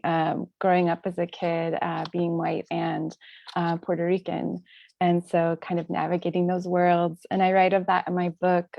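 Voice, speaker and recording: A woman poet giving a measured, deliberate reading of her poems at a virtual reading, with short spoken introductions between them. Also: fairly low pitch, vocal fry, dark tone, no echo. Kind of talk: poetry reading.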